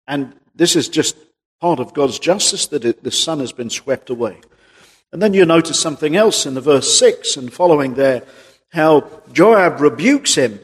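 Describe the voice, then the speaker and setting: A man's voice: a little high, husky. A man preaching a sermon, reading scripture aloud and pressing his points with earnest emphasis. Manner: earnest, rising emphasis on key words; reads scripture slowly in a raised voice. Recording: long hall reverb.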